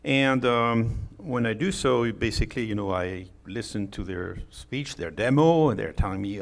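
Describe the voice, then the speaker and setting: A man's voice: lowish voice, normal speed, vocal fry, hardly any pauses. A middle-aged man from France with a French accent, giving a joking, chatty conference talk with many fillers and restarts. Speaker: conference speaker. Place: conference hall.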